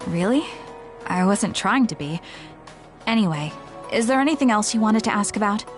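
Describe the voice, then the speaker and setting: Woman voicing a calm reserved young woman, measured and reflective, soft music behind. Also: medium pitch, close to an everyday voice. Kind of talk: game cutscene voice acting.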